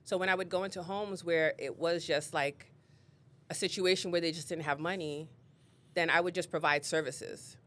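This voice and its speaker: A woman, a real estate leader, appears as a guest on an interview show and tells personal stories with animation, acting out what people said. The storytelling is casual, delivered in a fairly low voice at a moderate pace.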